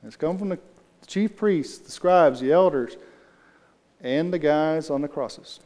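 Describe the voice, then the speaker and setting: A man's voice: a little high, unhurried, a little mellow. Man leading a casual Bible study, reverberant room. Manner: conversational, loose, answers the group as he goes.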